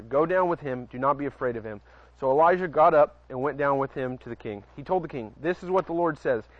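The audio, dull and lo-fi with no room sound, captures a man preaching outdoors at night near a porch. Speaking at a fairly high pitch, he reads Bible passages, regularly fumbles words and chats casually with his listeners.

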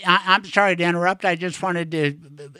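A man from Colorado hosting an interview, talking in a quick, chatty way and cutting in to add his own points. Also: high-pitched, steady tone, sharp tone, clean tone, no echo. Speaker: podcast host, lawyer. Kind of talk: conversational interview.

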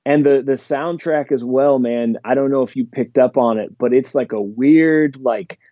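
A man talks in a loose, rambling way, full of fillers and eager asides. His voice is mellow and dark, on a dull lo-fi recording. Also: medium pitch, moderate pace, no room sound. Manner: rambling, enthusiastic, heavy on fillers. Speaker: podcast guest. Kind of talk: casual chat.

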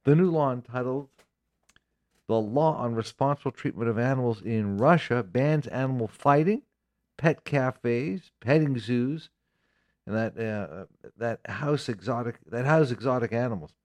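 A man co-hosting a live radio talk show who reads news items in a steady, informative way. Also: mid-range voice, measured pace.

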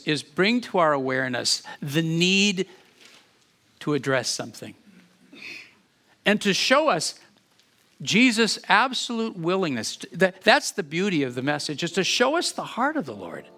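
Earnest bright-voiced male pastor preaching. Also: on the high side, big pitch swings, unhurried. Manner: earnest, repeats words when building emphasis. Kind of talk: sermon with closing prayer.

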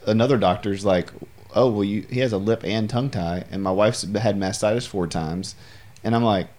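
Wry, lower-voiced man in casual chat. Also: moderate pace, a little mellow. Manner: wry, joking asides.

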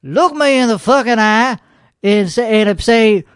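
High-voiced man ranting and swearing. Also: expressive, unhurried, clear, resonant tone, no room sound, studio quality. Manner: boastful, swearing constantly, irritable. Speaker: podcast host reacting to a show. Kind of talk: profane comedic rant.

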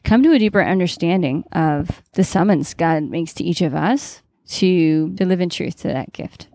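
A woman who is a religious sister co-hosting a podcast, chatting casually and telling animated stories that leap into quoted voices. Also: fairly low pitch, moderate pace, dry recording. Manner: animated storyteller, big jumps into quoted voices. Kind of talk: casual chat and prayer.

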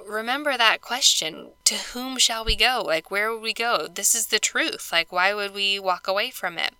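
A woman's voice: medium pitch, fairly quick, pushed and bright, clean tone, dry recording. A woman hosting a podcast, talking through scripture stories in a chatty, earnest way with lots of fillers. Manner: chatty, earnest, many "you know" and "like" fillers. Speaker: podcast host. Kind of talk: casual scripture study talk.

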